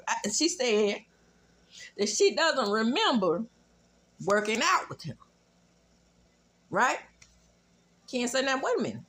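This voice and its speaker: Sassy Southern woman, lively high voice. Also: takes it slowly, long pauses. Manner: sassy, animated, profane asides. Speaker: reality TV recap host. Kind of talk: casual recap commentary.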